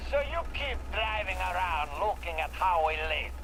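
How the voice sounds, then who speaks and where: A gravelly, ranting slaver warlord. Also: male voice, sits high, big pitch swings, background noise. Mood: menacing rant. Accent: vaguely European. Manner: swings between snarling threats and slow lecturing. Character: menacing drunk male slaver warlord, volatile. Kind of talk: video game voice acting.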